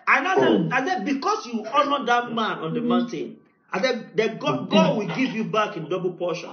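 A man with a Nigerian accent preaching a sermon as pastor, telling a story and building to shouted decrees. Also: very high-pitched. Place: church hall. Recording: echoey, dull church recording.

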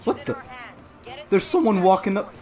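Lively, joking young male gamer. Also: high-pitched, normal speed. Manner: animated, sarcastic, swears freely; mock-boastful, jokes about himself. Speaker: gaming video creator. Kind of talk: live gameplay commentary.

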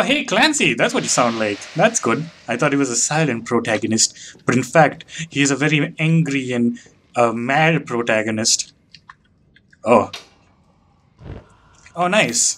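A let's play commentator, young and male, narrates his horror game run in a medium, somewhat bright voice over a little hiss or hum. His commentary is jokey and self-mocking, and he's quick to be disgusted.

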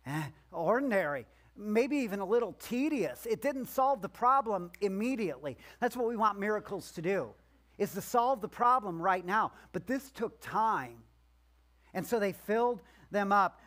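A man's voice: high voice, lively intonation, moderate pace, a bit bright. A male pastor giving a conversational sermon in a church, joking and acting out the voices of the people in the story.

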